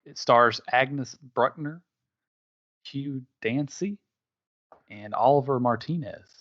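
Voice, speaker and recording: A man's voice: medium pitch, slow, fairly bright tone, lo-fi sound. A man reading out movie clues in a plain, matter-of-fact way during a casual comedy game. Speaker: quiz reader.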